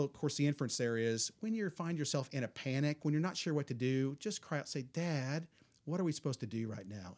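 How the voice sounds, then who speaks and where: A middle-aged man who grew up in Southwest Missouri, a pastor at a church roundtable. His pitch sits in the middle for a man. He tells a story calmly and prays with rising fervor. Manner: calm storytelling, then fervent prayer. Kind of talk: church roundtable talk and prayer.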